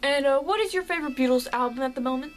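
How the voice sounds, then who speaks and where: A woman's voice: high voice, racing, loud music behind the voice, rough recording. A young woman vlogger chatting casually through a fan question list, rambling and a bit shy.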